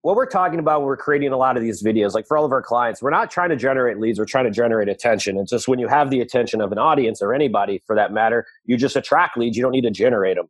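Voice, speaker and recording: A man's voice: medium pitch, racing, hardly any pauses, slightly rough. A man hosting a casual podcast interview, blunt and swearing now and then. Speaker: podcast host.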